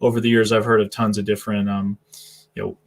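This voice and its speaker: A man's voice: on the low side, level tone, quick pace. A man from southern New Hampshire hosting a casual live stream, affable and agreeable, reading viewer comments aloud.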